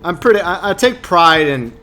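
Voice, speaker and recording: A man's voice: high voice, big pitch swings, moderate pace, pushed and bright, soft background music. A man streaming a video game from home, chatting casually with viewers and often stumbling over his words in a self-mocking way. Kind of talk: casual chat with viewers while gaming. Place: home streaming setup, Louisiana.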